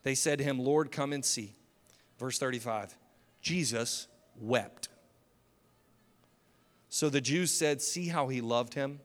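A man preaching a sermon as pastor, impassioned, swinging from loud declarations to hushed, slow lines. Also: medium pitch. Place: church hall. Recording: long hall reverb.

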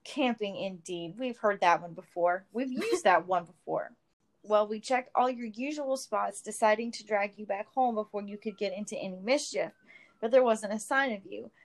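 A woman's voice: mid-range voice, moderate pace, lightly acted. A woman voicing a relieved hobbit father who talks wry and stern.

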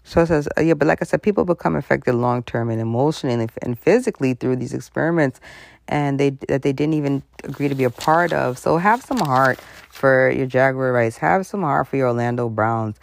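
A woman's voice: extremely low pitch, fairly quick, creaky, dry recording, clean studio sound. A woman host giving a frank, conversational commentary monologue, full of asides and acted-out voices. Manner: animated, conversational, frank, breaks into laughs and voices.

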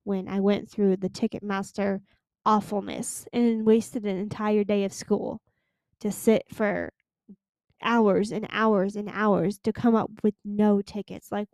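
A woman's voice: mid-range voice, a little mellow, no echo. A teenage girl hosting her own podcast, chatting casually and pleading earnestly with her listeners. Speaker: podcast host. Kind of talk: casual solo podcast chat.

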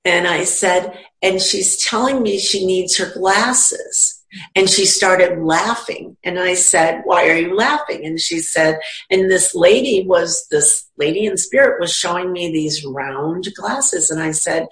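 A woman talking about her work as a medium, with a slightly low voice. She tells stories in a relaxed, chatty way and jumps into quoted voices with lively energy. Her voice carries a noticeable echo from the room. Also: a little slow. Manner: animated, acts out quoted voices. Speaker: psychic medium and teacher. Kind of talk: casual storytelling in a conversation.

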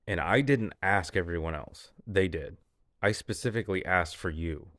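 Man reading calm handler woman, matter-of-fact, low voice, dry sound. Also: moderate pace, no echo. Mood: instructing. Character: calm female mission handler on an earpiece.

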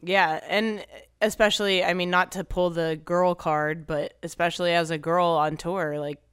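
This interviewer's voice is strikingly smooth and clean. They keep to short reactions and questions, steering the conversation along in a relaxed, casual way. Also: medium pitch, normal speed.

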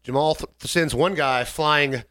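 A man's voice: on the high side, unhurried, pushed and bright, no room sound. A man co-hosting a podcast, telling a long rambling story in casual chat with quoted voices. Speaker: podcast co-host.

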